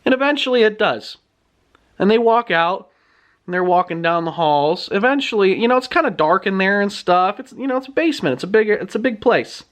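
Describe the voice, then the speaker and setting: A man retelling a book's plot in his own words, in a chatty, animated storytelling manner. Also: sits high, brisk. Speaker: book reviewer.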